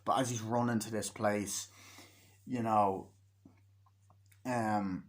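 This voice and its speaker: Man, lowish voice, casual movie review, rambling, lots of swearing, acts out scenes. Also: steady tone, slow. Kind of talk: casual spoken film review.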